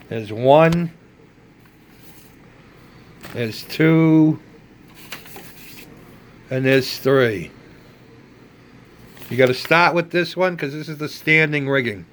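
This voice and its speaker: A man's voice: mid-range voice, extremely slow, pauses often, slight background noise. An older man telling a casual, rambling story about building model ships, with plenty of fillers. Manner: rambling, conversational, with many fillers.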